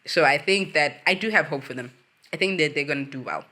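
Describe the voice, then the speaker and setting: A woman's voice: sits low, fairly quick. A woman hosting her own channel, chatting casually through a reality-show recap, acting out cast members' lines and laughing often. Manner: animated, acts out quotes from the cast. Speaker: host.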